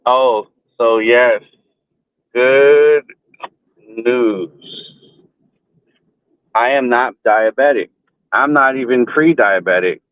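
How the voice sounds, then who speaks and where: A man's voice: mid-range voice, extremely slow, long pauses, clear, resonant tone. A man talks bluntly in a casual vlog, swearing constantly as he goes. He is recorded inside a car on a phone. The sound is narrow and tinny like a phone line, and it is close and dry with no reverb. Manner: blunt and heavily profane. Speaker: vlogger.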